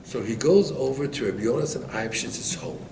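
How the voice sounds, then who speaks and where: A man, a rabbi, giving an animated storytelling Torah class to listeners. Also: medium pitch, brisk. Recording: echoey room, distant mic, background noise.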